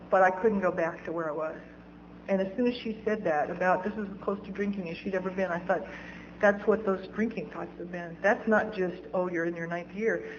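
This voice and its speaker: Brief: woman at a recovery meeting, frank self-mocking storyteller, middle pitch, dull lo-fi tape with faint hiss. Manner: candid, self-mocking, laughs at own stories. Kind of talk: personal storytelling talk.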